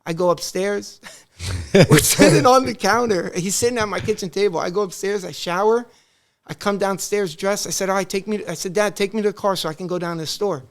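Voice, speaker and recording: High-voiced storytelling man. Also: fairly quick. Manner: animated, acts out family dialogue. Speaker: podcast guest. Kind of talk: casual storytelling.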